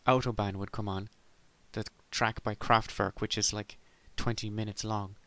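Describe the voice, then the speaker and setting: A man's voice: on the low side, little pitch movement, moderate pace, bright, forceful tone, no room sound. A middle-aged man from Ireland delivering a sardonic, rambling comic monologue as a podcast host.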